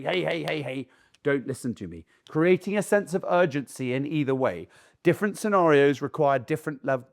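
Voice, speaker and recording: A middle-aged man talks to camera as a dog trainer, blunt and casual. He is animated and keeps acting out owners calling their dogs. His speaking voice sits a little high for a man.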